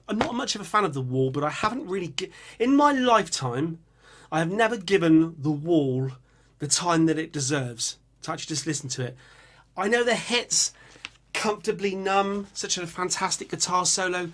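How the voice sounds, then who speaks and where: Bright, lively young man. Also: fairly high pitch, moderate pace, slight background noise. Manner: animated, bursts into singing and screaming riffs. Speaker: music reaction channel host. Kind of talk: casual chat reading viewer picks.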